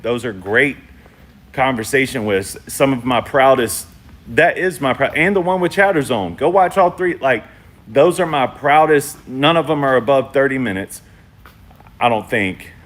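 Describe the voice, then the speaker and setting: A man hosting a casual livestream check-in from home on his phone, talking in a laid-back, slangy way and shouting out viewers in the chat. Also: medium pitch. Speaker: channel host.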